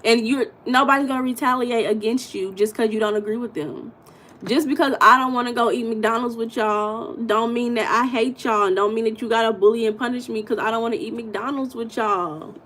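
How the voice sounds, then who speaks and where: An American woman hosts a casual livestream, chatting and reading viewer comments bluntly and with animation, with occasional swearing and emphatic bursts. Her pitch is fairly high and her pace brisk. The audio quality is poor.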